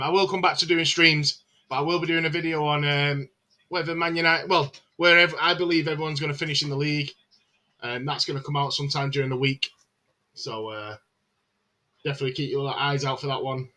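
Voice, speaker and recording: Man, live watchalong host, casual commentary, very bright tense voice, slightly high pitch. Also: steady tone, a little fast. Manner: chatty, answers viewer comments, frequent "um" fillers.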